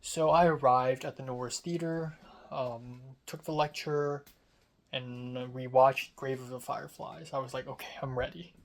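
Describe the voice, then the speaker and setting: A man's voice: medium pitch, steady tone, unhurried. A young man telling about his day in a casual diary vlog, rambling with many fillers and restarts. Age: young adult. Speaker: vlogger.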